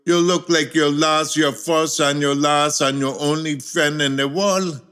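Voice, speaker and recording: A curious little grandson with a lilt asks questions in a higher voice, as a man puts him on. He talks slowly and plainly. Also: fairly even intonation, a bit bright, smooth, soft background music. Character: young boy, curious grandson.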